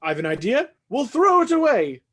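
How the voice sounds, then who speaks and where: A fussy, jittery butler talks in a lively, swooping voice and easily gets flustered and loud, as a performer acts him out. It is an amateur live play reading over a video call. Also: high voice, moderate pace, full character voice. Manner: flustered, rising into shouts.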